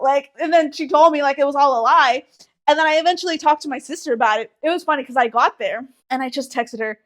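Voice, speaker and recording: A young woman co-hosting a podcast, telling a story in a casual, animated way with plenty of swearing. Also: high voice, quick pace. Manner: animated, swearing, exaggerated retelling. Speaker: podcast co-host.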